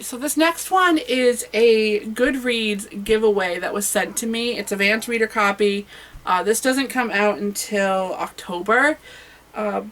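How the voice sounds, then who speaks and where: A woman's voice: medium pitch, fairly bright tone, poor audio. A woman talking casually and eagerly about her reading list in a home vlog, with frequent fillers and self-corrections. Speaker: booktuber.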